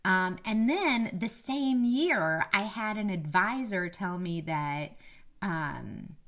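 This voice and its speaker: A woman's voice: mid-range voice, animated, takes it slowly, a bit bright. Chatty woman, mild Southern lilt. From Kentucky, USA. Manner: chatty, self-deprecating, laughs easily. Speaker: media coach, former TV reporter. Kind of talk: casual to-camera tips.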